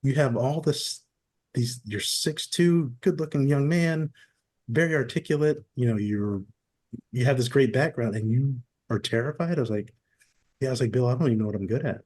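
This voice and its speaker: A man in his forties, a podcast guest, telling stories in a relaxed, casual way and acting out quoted dialogue. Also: mid-range voice, normal speed, slightly rough. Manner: relaxed storyteller who acts out quoted dialogue. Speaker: podcast guest, former military. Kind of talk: casual interview storytelling.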